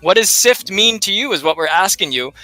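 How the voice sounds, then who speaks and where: A man's voice: sits high, lively intonation, fairly quick, pushed and bright, faint music behind. A man co-hosting a live library research show, talking casually and animatedly, throwing rhetorical questions and jokes at the audience. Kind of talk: casual live instructional chat.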